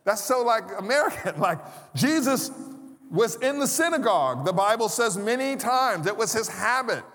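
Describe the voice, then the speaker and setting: High-voiced pastor preaching in a reverberant church. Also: male voice, big pitch swings, moderate pace, a bit bright. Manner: conversational preaching with humorous asides and rhetorical questions. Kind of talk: sermon. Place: church sanctuary. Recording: long reverb of a large church hall.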